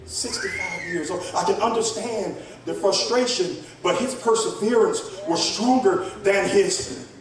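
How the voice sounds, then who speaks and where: A male pastor preaching a sermon, rising into shouts and speaking straight to the congregation. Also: high-pitched. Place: church sanctuary. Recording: echoey church hall from far off, congregation. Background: congregation responding.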